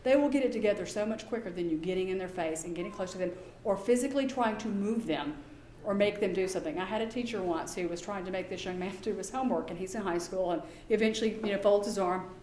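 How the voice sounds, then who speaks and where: A middle-aged woman giving a lecture as a behavior specialist, lively and acting out quoted exchanges in voices. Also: medium pitch, fast, a little hiss or hum. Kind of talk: conference lecture. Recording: echoey room, faint background ambience.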